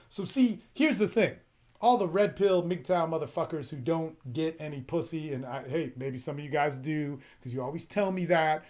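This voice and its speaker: A male podcast host who rambles through relationship advice in a blunt, swearing, emphatic monologue. His voice sits a little higher than most men's, and he keeps pressing his points in a casual, unscripted way. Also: moderate pace, a little mellow.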